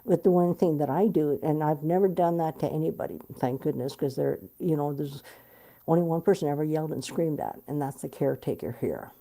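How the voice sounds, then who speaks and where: A middle-aged woman telling a personal story in an interview, animated and blunt, swearing freely. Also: sits low, fairly quick, creaky. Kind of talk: candid storytelling.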